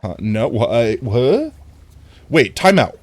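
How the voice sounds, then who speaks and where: A man's voice: mid-range voice, very animated, takes it slowly, darkish tone, no echo. A man streaming a game, chatting casually with his viewers, with a somewhat nasal voice. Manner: chatty, talks to viewers while playing. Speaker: livestreamer.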